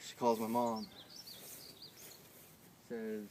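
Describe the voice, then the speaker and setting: A man's voice: lowish voice, fairly even intonation, moderate pace, gravelly, a bit bright, slight background noise. A young man performing a live show, telling a profane personal story with intensity that builds into heated outbursts, then moving into spoken word poetry.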